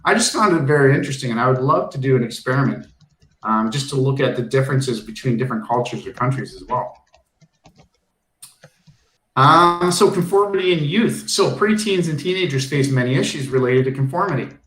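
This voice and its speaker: A man's voice: mid-range voice, lively intonation, fairly quick, a bit bright. Chatty male teacher in an echoey room. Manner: chatty storytelling with frequent ums. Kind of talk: classroom lesson with personal anecdote.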